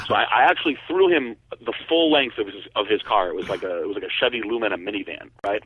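A man from Connecticut telling stories in a casual, animated way, with many fillers and some swearing. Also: on the low side, fast talker, slightly rough, dry recording. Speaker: guest storyteller. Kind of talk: casual storytelling. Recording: tinny phone-like line.

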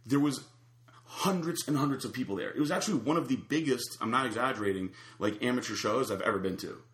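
A man's voice: mid-range voice, quick pace, echoey room. A man casually telling a long anecdote, acting out the other people's lines. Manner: animated storyteller acting out quotes. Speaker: storyteller guest.

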